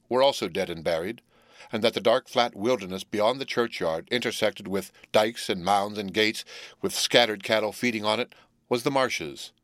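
Low-voiced man reading an audiobook. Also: a bit bright, no room sound, clean studio sound. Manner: measured, deliberate literary reading. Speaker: audiobook narrator. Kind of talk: scripted narration of a classic novel.

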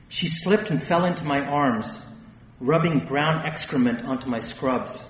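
A man's voice: mid-range voice, measured pace. Man, memoir audiobook narrator, wry, roomy echo, faint background hum. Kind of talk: first-person memoir reading. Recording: distant, echoey room with long reverb.

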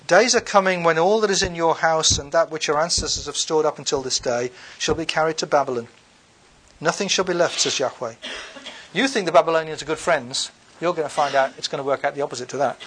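A man's voice: fairly high pitch, brisk, fairly bright tone, a little hiss or hum. Lecturing man reading scripture aloud. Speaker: bible lecturer.

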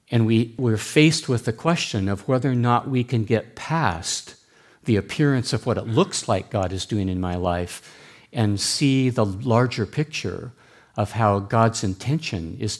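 A man preaching a sermon at a church, earnest and deliberate as he explains. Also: fairly low pitch, a little mellow. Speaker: pastor.

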